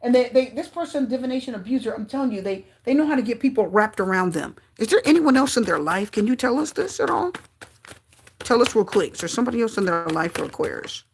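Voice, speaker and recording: A woman giving a live tarot reading to her viewers, talking in an excitable way with frequent exclamations. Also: on the high side, fast, husky. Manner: excitable, gasping and exclaiming at cards. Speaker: tarot reader.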